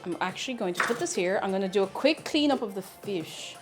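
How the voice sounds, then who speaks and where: A woman's voice: medium pitch, expressive, fairly quick, over music. A woman cooking on a live stream, chatting playfully with her viewers as she works. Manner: chatty, playful, talks to chat while cooking. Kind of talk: casual cooking stream chat.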